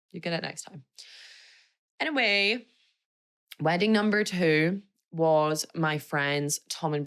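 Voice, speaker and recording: A young woman talks to her podcast listeners in a loose, rambling chat full of tangents and little laughs. Her voice sits a touch lower than most women's, and her delivery stays bubbly and unfiltered. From Scotland. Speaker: podcast host. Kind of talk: casual solo podcast chat.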